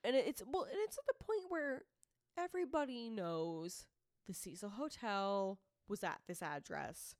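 A woman with a Boston accent co-hosts a casual podcast, chatty and quick to laugh, turning earnest for serious moments. Her voice sits at a middle pitch. The recording is dry and close, with no room sound. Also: very animated, no room sound. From Massachusetts. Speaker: podcast co-host. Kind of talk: casual chat.

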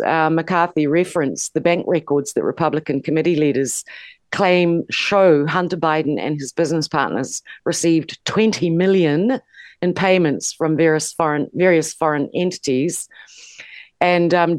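A woman's voice: deep voice, no room sound. Forthright woman political panelist. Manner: forthright and opinionated, reading out details. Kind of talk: casual panel discussion.

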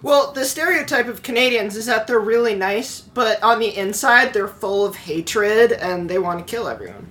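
A woman's voice: mid-range voice, lively intonation, moderate pace, hardly any pauses, a bit bright. A woman in a casual chat who asks questions and sounds amused.

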